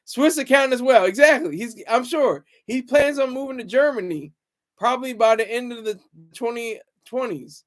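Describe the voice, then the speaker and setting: A man's voice: very high-pitched, moderate pace. A man hosting a casual livestream, reading viewer comments aloud and rambling with chuckles and restarts. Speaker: livestream host.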